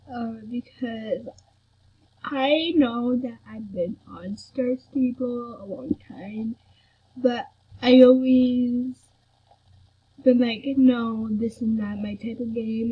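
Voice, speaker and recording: A young woman giving casual gameplay commentary, excitable and fawning over what she sees, in a soft, breathy voice. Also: fairly high pitch. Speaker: gamer. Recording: dull lo-fi home recording.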